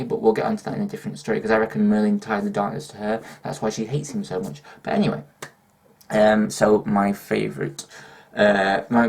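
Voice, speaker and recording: Here a young northern English YouTuber answers questions in a casual vlog, hyperactive, swearing and laughing often. He speaks in a lowish, husky, slightly mellow voice with vocal fry.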